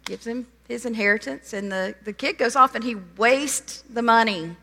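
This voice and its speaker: A woman delivers a sermon in a church hall, her sound bright and forceful. She tells a story with animation and voices its characters. A long reverb trails her words through the big room. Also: on the high side, normal speed, creaky, few pauses. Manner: animated storytelling, retelling a parable in lively quoted voices. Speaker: preacher.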